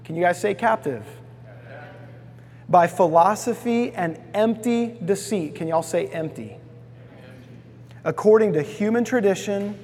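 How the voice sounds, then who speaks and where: Preacher, man, high husky voice, folksy sermon, long reverb. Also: darkish tone. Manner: folksy storytelling, asks congregation to repeat words. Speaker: pastor.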